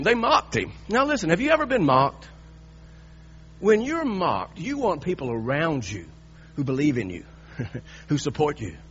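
A high-pitched man preaches a sermon to his congregation. He builds to loud emphatic points, then drops low and earnest. The recording is a little dull, with a faint hiss behind it. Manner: preaching with rising emphatic bursts and quiet earnest stretches. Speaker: pastor.

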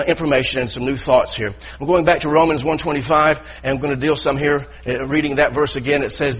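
Male pastor, husky mid-pitched voice, earnest stop-start preaching, muffled church recording. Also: fairly bright tone. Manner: earnest preaching with repeated restarts. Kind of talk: sermon.

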